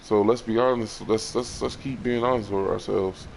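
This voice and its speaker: A man's voice: on the low side, fairly even intonation, creaky, slight background noise. Upset man stumbling through a vlog confession. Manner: halting, repeats words, swears. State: frustrated and upset. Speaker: vlogger.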